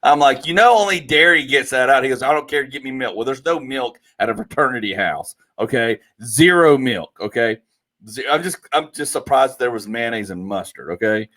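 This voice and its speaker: A man co-hosting a podcast, telling a funny story in a casual, animated way and laughing often. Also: mid-range voice, moderate pace. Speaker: podcast co-host.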